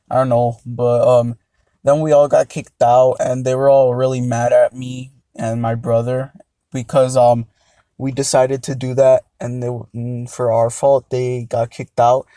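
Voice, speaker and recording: A man's voice: medium pitch, warm tone, no room sound. A young man telling a casual storytime, rambling and hesitant with many fillers. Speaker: vlogger.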